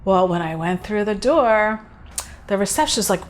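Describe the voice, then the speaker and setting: A woman's voice: mid-range voice, expressive, normal speed. A woman hosting a spiritual video talk, speaking earnestly and casually as she tells a personal story and thinks aloud. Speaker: host.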